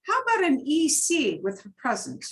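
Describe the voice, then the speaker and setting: A woman's voice: high-pitched, huge pitch swings, normal speed. A middle-aged woman teaching Spanish, patiently explaining and switching between Spanish and English. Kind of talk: online language lesson.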